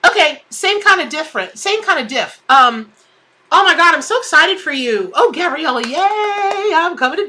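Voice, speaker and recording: A woman's voice: very high voice, animated, normal speed, bright, forceful tone, a little hiss or hum. A woman hosting a live tarot stream, chatting in a bubbly way and greeting viewers by name. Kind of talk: casual live-stream chat.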